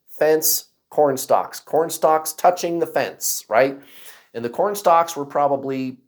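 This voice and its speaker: A man casually telling a personal story to camera, acting out other people's voices and shouts. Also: on the high side. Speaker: vlogger.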